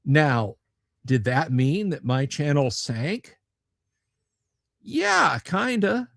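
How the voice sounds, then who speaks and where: A man's voice: mid-range voice, lively intonation, slow, no room sound. A man hosting a casual live stream from a home studio, rambling and joking with viewers, with stammering restarts. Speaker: livestream host.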